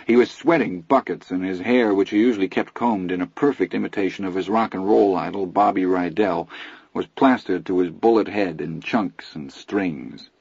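A man reading a first-person novel aloud in a steady, reflective storytelling manner, in a dull lo-fi recording. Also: low voice, normal speed, creaky, husky, dry recording. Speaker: audiobook narrator. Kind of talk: first-person literary narration.

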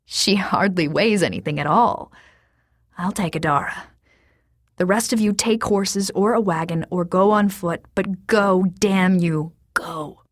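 A weary, sallow dragon rider pleads with urgent strain in his words, as a woman reading aloud puts him on. The voice sits low and sounds close and dry, with no room around it. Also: a little slow, no room sound. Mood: desperate. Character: weary grim man, a dragon rider uncle.

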